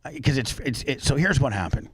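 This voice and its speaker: A man's voice: medium pitch, lively intonation, brisk, a bit bright, husky, no echo. Man hosting a talk show, dry sound. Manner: retelling a news story with frequent repeats and restarts. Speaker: radio show host. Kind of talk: casual talk-show chat.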